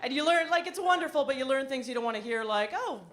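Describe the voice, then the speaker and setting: A woman performing a stand-up comedy set on a club stage, wry and self-deprecating, breaking into animated impressions. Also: high-pitched, fast, a little hiss or hum.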